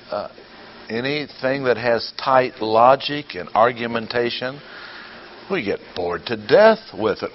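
An older man giving a teaching sermon. He fires off rhetorical questions, bursts into emphasis and drops dry, sarcastic asides. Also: mid-range voice. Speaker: preacher or Bible teacher. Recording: dull lo-fi audio with faint noise.

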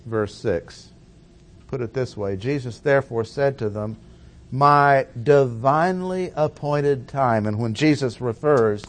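A man gives an expository Bible teaching at an unhurried pace. He lands his points deliberately and repeats key phrases for emphasis. His voice sits in an ordinary middle register. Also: medium pitch. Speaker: preacher.

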